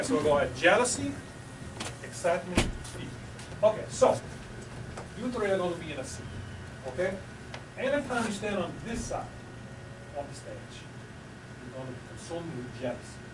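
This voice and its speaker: A man's voice: high voice, big pitch swings, normal speed, long pauses. A man hosting a live improv show, chatty and coaxing, laughing often as he sets up games. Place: small improv theater stage. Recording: roomy, distant, noisy live recording.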